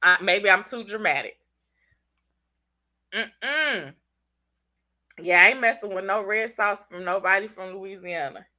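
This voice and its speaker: Bright, chatty Southern woman. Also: medium pitch, a little slow, pauses often. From Southern United States. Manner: chatty, slangy, teasing viewers by name. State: congested. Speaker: channel host reading live chat. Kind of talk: casual live-stream chat.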